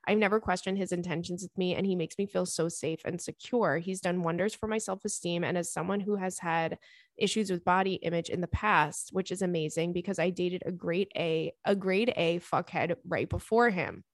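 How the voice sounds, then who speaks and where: A woman's voice: fairly low pitch, normal speed, dry recording, clean studio sound. A young woman hosting a podcast, chatting bluntly and swearing freely as she reads a listener's letter aloud. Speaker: podcast host. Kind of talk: casual podcast chat reading a listener letter.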